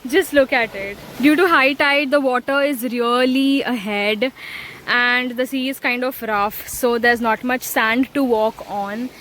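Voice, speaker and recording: A woman vlogging her travels in a relaxed, casual way, with lots of fillers and pauses as she shows a hostel room and a beach. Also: a little high, a little hiss or hum, low-quality recording. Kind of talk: casual travel vlog narration. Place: hostel room and outdoors on an island.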